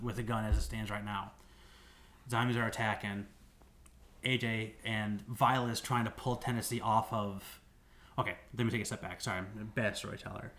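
A man's voice: on the low side, steady tone, fairly quick, fairly bright tone. A man on a podcast casually recapping a game's story in a rambling way, full of "like"s and restarts. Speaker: podcast co-host.

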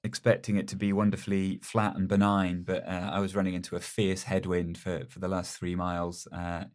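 Brief: man, very low voice, self-deprecating, halting. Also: monotone. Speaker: guest colleague. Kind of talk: casual chat.

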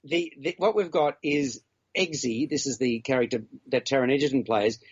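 A man's voice: mid-range voice, moderate pace, breathy edge, muffled recording. A man co-hosting a casual podcast chat about a film, chatty and teasing, talking in long run-on stretches. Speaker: film reviewer co-host.

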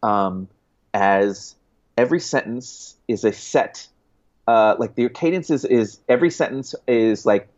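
A man's voice: medium pitch, measured pace, darkish tone. Chatty man with a dull lo-fi sound. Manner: chatty, rambling with restarts and laughs. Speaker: guest author. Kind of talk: casual interview chat.

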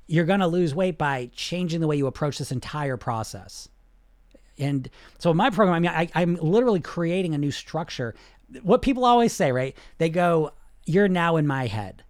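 A man's voice: lively intonation, moderate pace, dry recording. Emphatic man coaching, dry close sound. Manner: emphatic, conversational, keeps asking "you know"; swings from loud and high to low and quiet. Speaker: weight-loss hypnosis coach. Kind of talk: casual motivational talk.

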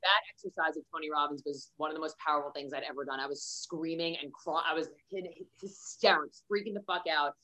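A woman hosts a casual motivational podcast with a bright, forceful voice pitched a little low. She talks candidly and swears freely, acting out little scenes as she goes. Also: brisk, hardly any pauses. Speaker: podcast host.

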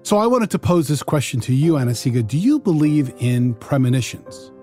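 Lively, mellow-voiced male true crime host. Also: medium pitch, brisk, soft background music. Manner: storytelling, posing questions to co-host. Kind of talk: conversational true crime narration.

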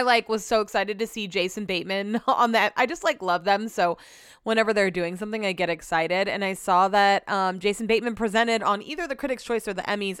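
A woman chats on her own podcast in a candid, rambling way, leaning on little filler words as she goes. Her voice comes through smooth and clear. The sound is close and dry, with no room echo. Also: mid-range voice, fairly bright tone. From Sacramento area, US. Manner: chatty, candid, heavy on "like" fillers. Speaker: podcast host. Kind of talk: casual solo chat. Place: at home.

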